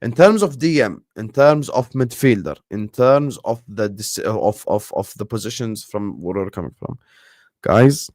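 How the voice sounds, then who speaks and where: A young man talks straight to his live-stream viewers, repeating his points with emphasis and dropping slang as he goes. His voice sits at an ordinary middle pitch. The recording is close and dry, with no room sound. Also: expressive, a little slow, no echo. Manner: emphatic and repetitive, slangy, addresses viewers directly. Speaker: football channel host. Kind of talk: live-stream commentary and chat.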